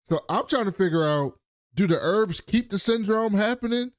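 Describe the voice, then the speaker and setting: A man's voice: high-pitched, normal speed, no echo, clean studio sound. A man co-hosting a casual podcast, recapping a TV episode and acting out the characters' lines with lots of swearing. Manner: animated retelling, acts out characters' lines with profanity. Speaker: podcast co-host.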